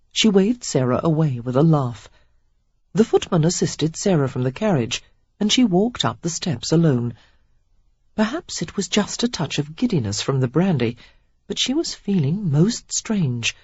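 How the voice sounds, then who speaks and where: Husky, expressive audiobook narrator. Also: medium pitch, normal speed, no room sound, lo-fi sound. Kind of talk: scripted narration.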